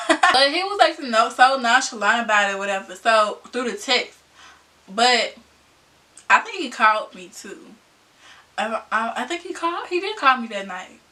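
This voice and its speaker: A young woman vlogger telling a storytime in a casual, slangy way, animated and laughing often. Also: fairly high pitch, far from the mic.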